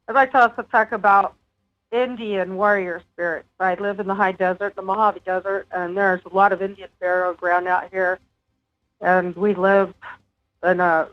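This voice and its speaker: A woman guest telling her own paranormal experiences in an earnest, casual way, with small laughs. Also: medium pitch. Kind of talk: casual interview talk. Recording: dull lo-fi remote audio with faint music.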